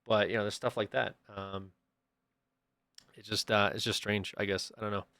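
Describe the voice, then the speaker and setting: A young man, a livestreamer, casually telling a story to his chat and acting out the people in it with sudden loud bursts. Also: fairly low pitch, little pitch movement, moderate pace, no echo, studio quality.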